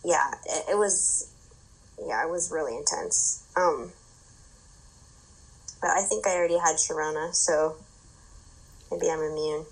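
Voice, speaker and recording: A woman guest on a podcast, chatting casually and agreeably, quick to chime in. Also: sits low, slightly rough, low-quality recording. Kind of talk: casual chat.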